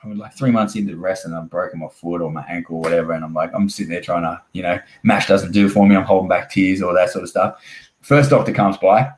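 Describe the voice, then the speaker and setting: Australian man, lowish voice, rambling casual storytelling, echoey room. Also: fast. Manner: rambling anecdotal storytelling with swearing and acted-out dialogue. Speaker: guest, professional wrestler.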